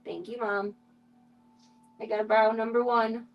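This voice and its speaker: A woman streamer with a fairly high voice chats casually to her viewers. Her delivery is soft and playful, and she drifts into cooing baby talk as she fusses over tiny animals. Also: lively intonation, normal speed, gravelly, pauses often. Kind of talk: casual live-stream chat.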